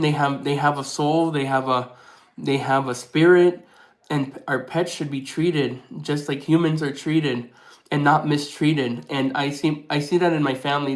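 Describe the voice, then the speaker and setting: A man vlogging casually to camera, rambling with many restarts and fillers, softly sentimental in tone. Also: mid-range voice, low-quality recording.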